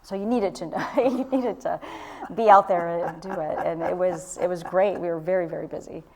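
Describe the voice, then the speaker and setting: A woman's voice: on the low side, normal speed, a crowd in the background. A middle-aged woman with a Michigan accent, a surgeon guest in an interview, friendly and laughing easily. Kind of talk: casual interview chat.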